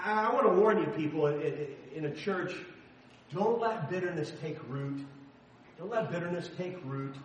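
Male pastor, high bright voice, emphatic sermon delivery with shouted peaks, roomy church echo. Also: slight background noise. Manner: animated, emphatic preaching with sudden shouts. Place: church sanctuary. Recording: roomy echo, voice heard from a distance.

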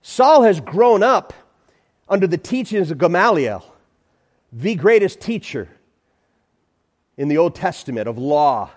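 A man's voice: high-pitched, big pitch swings, a little slow, pauses often. A man preaching a sermon as pastor in a church, emphatic, repeating phrases and calling out to the congregation.

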